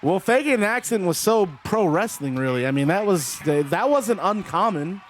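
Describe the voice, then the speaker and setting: A man's voice: high voice, animated, moderate pace, a little hiss or hum. A man calling a simulated wrestling match in casual play-by-play, rambling between the moves and answers to chat.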